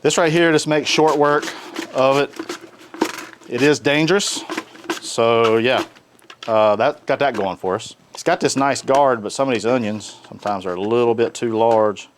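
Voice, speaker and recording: A man hosts a casual cooking demo outdoors by his grill. He talks in a folksy, joking, animated way, his voice sitting in a middle pitch. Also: normal speed, slight background noise. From North Carolina. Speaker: cooking show host.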